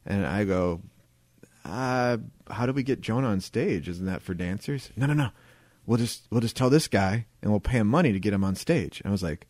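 A man co-hosting a podcast, telling a story in a casual, animated way and acting out what people said. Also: fairly low pitch, normal speed, dry recording, studio quality. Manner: animated, laughing, acts out quotes. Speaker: podcast co-host.

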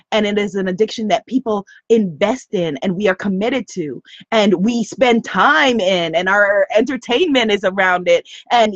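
Emphatic woman hosting a live motivational stream; high, breathy voice over dull lo-fi audio. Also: dry recording. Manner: animated and emphatic, repeats phrases. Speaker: host of a live broadcast.

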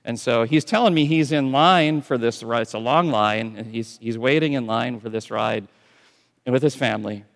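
A man preaching a sermon in a conversational way, often dropping to soft, intense tones. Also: mid-range voice, moderate pace, creaky. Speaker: pastor. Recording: long church reverb.

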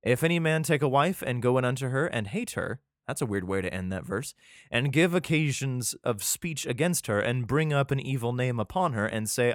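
An animated man reads archaic scripture aloud, tripping and restarting on the old wording. Between verses he drops into casual, irreverent commentary full of swearing and jokes, his pitch leaping around freely. The sound is dry and close. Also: moderate pace, no room sound. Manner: irreverent, swearing, joking asides; stumbles and restarts while reading archaic text. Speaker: vlogger reading scripture aloud.

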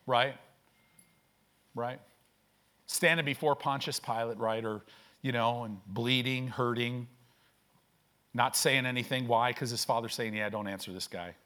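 A man preaching a church sermon fires off energetic bursts, rhetorical questions and call-and-response with the people in the pews. His pitch is medium and his tone stays steady yet sharp.

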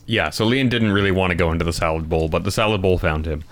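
A man with a fairly low voice runs the story of a film with his friends, steering the chat forward. He jumps into quick voices for characters as he retells the scenes, in a relaxed, joking recap. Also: a little hiss or hum. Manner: leads the recap, acts out character lines. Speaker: podcast co-host. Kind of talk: casual movie recap chat.

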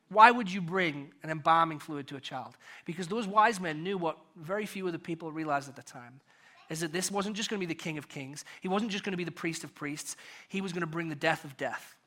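High, bright British pastor preaching. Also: male voice, fairly quick. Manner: rhetorical questions, builds and drops in volume. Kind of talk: sermon.

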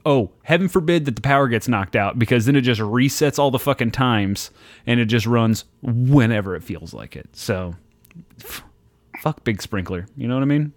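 A man's voice: mid-range voice, no echo. A man co-hosting a casual chat show, telling rambling stories laced with profanity. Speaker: podcast co-host.

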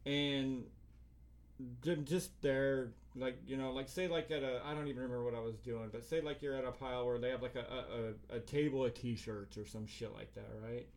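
A man's voice: medium pitch, steady tone, moderate pace, darkish tone. A middle-aged man co-hosting a podcast, telling a long, profane story with a lot of filler and acting out other people's lines. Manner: profane rambling storyteller, acts out quotes. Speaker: podcast co-host. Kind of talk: casual chat.

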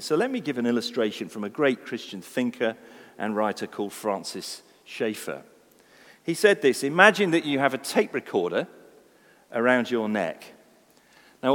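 Expressive preacher in a reverberant church hall. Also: male voice, fairly high pitch. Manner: expressive preaching, swinging from quiet to loud. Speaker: pastor. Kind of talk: sermon.

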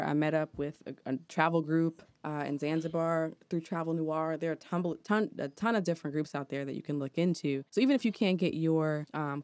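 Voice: mid-range voice, a little mellow, no room sound. An American co-host gives upbeat, encouraging advice on a podcast. The voice sits mid-range, recorded close and dry. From United States. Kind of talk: casual travel chat.

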